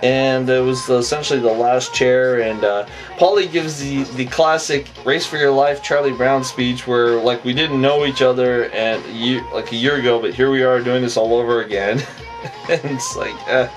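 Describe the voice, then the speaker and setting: A man's voice: mid-range voice, steady tone, normal speed, distant mic, faint music behind, poor audio. A man casually recapping a reality show episode, rambling with lots of fillers and a habit of adding "on that". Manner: rambling, many fillers, repeats the phrase "on that".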